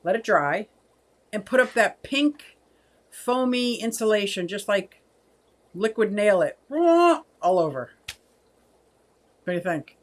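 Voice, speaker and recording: A woman's voice: medium pitch, sing-song, takes it slowly, pauses often. Chatty woman in her sixties. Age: 60s. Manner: chatty, laughs often, reads viewer comments aloud. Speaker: aquarium channel host. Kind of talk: casual livestream chat.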